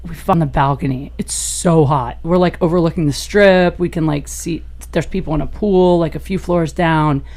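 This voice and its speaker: A woman comedian, a podcast guest, telling a raunchy personal story in an animated way and laughing as she goes. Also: moderate pace, hardly any pauses. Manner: animated, gets loud and high-pitched as the story peaks; laughs through her own story.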